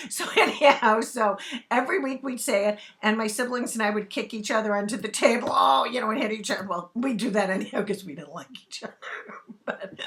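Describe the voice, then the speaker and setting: A woman's voice: mid-range voice, pushed and bright. A woman from Brooklyn chatting to camera as a vlogger, telling a funny anecdote with frequent laughs mid-sentence. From Brooklyn, New York. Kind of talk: casual storytelling to camera.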